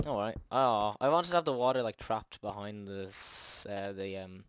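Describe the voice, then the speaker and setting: A man's voice: on the low side, fairly even intonation, normal speed, clean tone, no room sound, clean studio sound. A man hosting a let's play, chatting and joking at himself with jumpy exclamations. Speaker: gaming channel host. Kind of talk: let's play game commentary.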